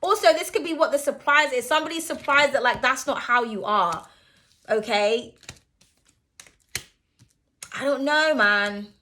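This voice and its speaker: A woman's voice: high voice, unhurried, pauses often, bright, forceful tone, a little hiss or hum. A young woman giving a casual tarot reading, chatty and blunt, swearing and laughing freely as she talks. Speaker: tarot reader.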